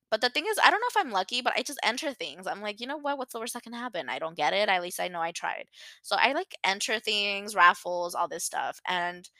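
A young adult woman hosting her own podcast, chatting in an animated, rambling way. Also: mid-range voice, smooth, no room sound. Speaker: podcast host. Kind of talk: casual solo podcast chat.

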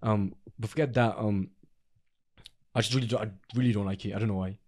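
A man's voice: lowish voice, fairly even intonation, fairly quick, a little mellow, a little hiss or hum. A young man, co-hosting a podcast in casual chat. He rambles, restarts often and uses a lot of slang. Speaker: podcast co-host.

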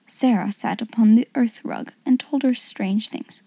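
A woman narrating a classic story in a soft, hushed, unhurried whisper. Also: on the high side, creaky, breathy edge, no echo.

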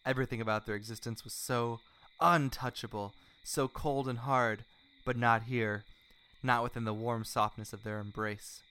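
A man reading a romance story aloud in a hushed, mock-earnest way. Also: medium pitch, fairly even intonation, normal speed, smooth. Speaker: reader of a fan story.

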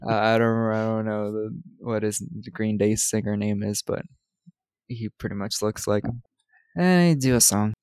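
A man co-hosting a podcast, recapping a film in casual chat, laughing often and retelling scenes with quick quoted lines. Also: lowish voice, darkish tone, clean tone, no echo.

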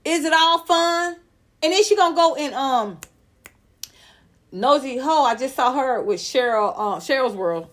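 Loud, animated woman dishing celebrity gossip. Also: measured pace. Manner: loud, blunt and profane, laughing, animated pitch swings. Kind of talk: casual live-stream gossip chat.

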